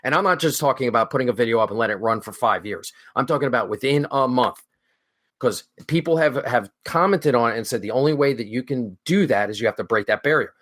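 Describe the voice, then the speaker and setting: A man's voice: mid-range voice, fast, fairly bright tone. A man talking as a guest on a hobby podcast, driving his points home emphatically, repeating them and checking in with "okay?". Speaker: guest, model railroader. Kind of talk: casual interview talk.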